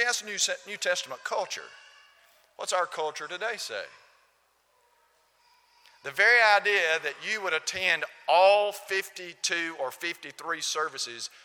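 A man's voice: fairly high pitch, expressive, unhurried, pauses often, pushed and bright. A man preaching a sermon, pressing his listeners with emphatic, repeated rhetorical questions. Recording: long reverb of a hall.

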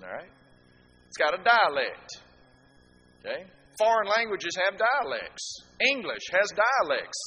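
Man, preacher, very bright sharp tone, echoey church hall, sermon with rhetorical questions. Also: on the high side. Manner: lively, full of rhetorical questions and asides to the congregation. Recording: echoey hall with faint background noise.

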